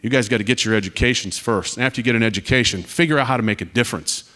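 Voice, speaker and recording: A man's voice: mid-range voice, rapid-fire, bright, forceful tone. A man in his forties, a retiring Air Force officer, speaking earnestly to students at a panel, telling stories over slides with wry asides. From United States.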